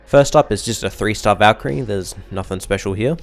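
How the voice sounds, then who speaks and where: A man giving calm, matter-of-fact commentary as he plays a mobile game and opens rewards. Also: lowish voice, vocal fry. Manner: measured, matter-of-fact narration of crystal openings. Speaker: gaming YouTuber. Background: background music.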